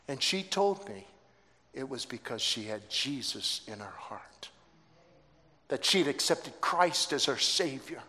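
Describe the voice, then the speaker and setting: Male pastor, mid voice, animated sermon storyteller, reverberant sanctuary. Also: mid-range voice, a little slow. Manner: animated, acts out quoted voices, stammering restarts. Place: church sanctuary. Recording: long hall reverb.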